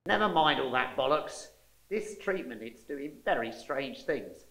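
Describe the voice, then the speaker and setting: A man's voice: medium pitch, animated, unhurried, a bit bright, reverberant, low-quality recording. A man playing a grumpy, swearing patient. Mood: irritable. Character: irritable middle-aged man turning rubbery. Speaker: patient undergoing treatment.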